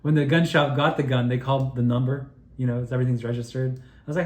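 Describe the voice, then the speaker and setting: Man, rambling storyteller, swears a lot, restarts sentences, mid-pitched voice, echoey room. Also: fast talker. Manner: profane, meandering, excitable, with frequent restarts. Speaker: video creator telling his own story.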